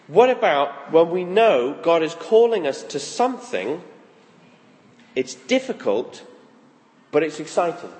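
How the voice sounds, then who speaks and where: A man preaching a sermon in a lively, conversational way, acting out quoted thoughts as he goes. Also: high-pitched. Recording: long reverb of a large hall.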